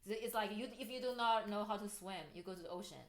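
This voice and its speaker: A woman's voice: medium pitch, fast talker. A woman hosting a podcast, explaining her ideas earnestly in casual conversation and often checking in with "right?". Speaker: podcast host. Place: room. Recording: roomy echo.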